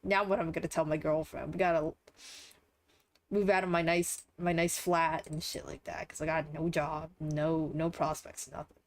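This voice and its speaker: Fed-up sweary dude who got fired, as a nasal tired woman puts him on, low-ish. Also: level tone, moderate pace, a little hiss or hum. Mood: dismayed. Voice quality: nasal, congested. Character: fed-up young man fired from job.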